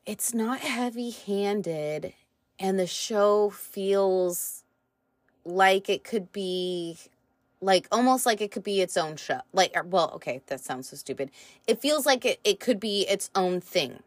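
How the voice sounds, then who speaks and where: A woman hosting a solo podcast review, rambling and excitable, swearing casually and laughing often, with lots of fillers. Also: medium pitch, no echo. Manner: slow, drawn-out delivery with many fillers. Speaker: podcast host.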